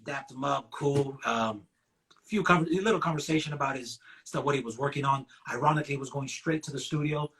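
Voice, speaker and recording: A man's voice: mid-range voice, a little fast, a bit bright. A man from the West Coast of the US, around his forties, hosting a casual chat and telling a laid-back story with plenty of swearing. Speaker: podcast host.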